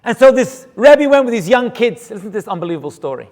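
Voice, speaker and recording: A man, a rabbi, telling a story in an animated way during a sermon and mixing in Hebrew terms. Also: high voice, fast. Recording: long hall reverb.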